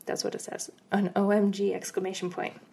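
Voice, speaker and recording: Relaxed and rambling, a female podcast co-host tells ghost stories with plenty of fillers and easy laughter. She speaks briskly in a mid-range voice with vocal fry and a breathy edge.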